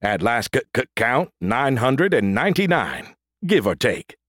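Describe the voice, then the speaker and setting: A man voicing a damaged, stuttering android soldier in a battlesuit with a booming voice, in an audiobook. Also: big pitch swings, fairly bright tone, no room sound, clean studio sound. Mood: eager booming. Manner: stutters on first sounds, booming, slow drawn-out words. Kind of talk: audiobook character voice.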